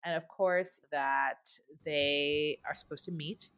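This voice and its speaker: Low, bright female co-host; casual, blunt, fired up. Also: takes it slowly, clear, resonant tone. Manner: animated, blunt, swears freely. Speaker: podcast co-host. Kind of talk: casual chat.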